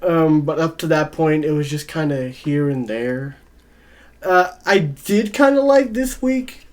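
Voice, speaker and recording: A man's voice: fairly high pitch, expressive, unhurried. A man co-hosting a podcast in casual chat, laying out his predictions and hedging with "I think". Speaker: podcast co-host.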